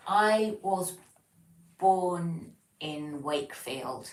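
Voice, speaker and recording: A woman's voice: fairly low pitch, lively intonation, drawn-out words, reverberant, recorded from a distance, rough recording. A woman from England with an English accent, hosting a livestream, chatting casually and reading out viewer comments with lots of ums and restarts. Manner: rambling, frequent ums and self-corrections. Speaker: livestream host. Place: home, living alone.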